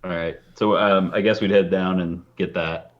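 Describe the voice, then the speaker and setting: Male tabletop player with a very deep, polite and hesitant voice, recorded on dull lo-fi audio. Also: fairly even intonation, moderate pace. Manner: polite, hesitant, fond of filler words.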